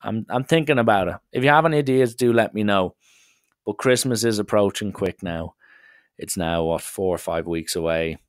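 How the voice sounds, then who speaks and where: A young man hosting a solo comedy podcast, telling stories in an animated way with swearing and acted-out dialogue. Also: lowish voice, moderate pace, clean tone, dry recording, studio quality. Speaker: podcast host.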